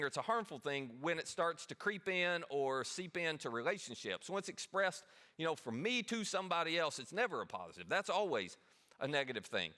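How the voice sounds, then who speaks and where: Bright-voiced pastor, chatty sermon. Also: male voice, a little high. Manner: conversational and self-deprecating, with rhetorical questions.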